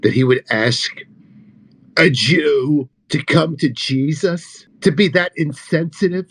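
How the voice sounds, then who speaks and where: A man ranting over news clips in a profane, mocking way, his voice sitting a little high for a man. He turns sarcastic and crude, jumping from loud jeers to low asides. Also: slow, husky. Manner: sarcastic, crude, swings between loud outbursts and mutters. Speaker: commentator reacting to clips.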